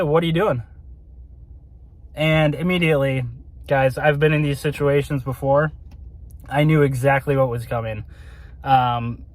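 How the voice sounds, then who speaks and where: A man who shoots street photography, casually retelling a tense run-in to his viewers, quoting both sides and repeating himself as he goes. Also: on the high side. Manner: animated, retelling with quoted dialogue, repeats himself. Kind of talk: casual storytelling to camera.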